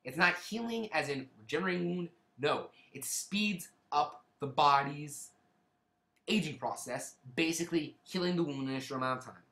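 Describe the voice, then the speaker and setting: Male reviewer, slightly high voice, loose rambling recap with restarts, echoey room. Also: normal speed, pushed and bright. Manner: rambling, with frequent restarts and hedging asides. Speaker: book reviewer. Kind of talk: casual spoken plot summary.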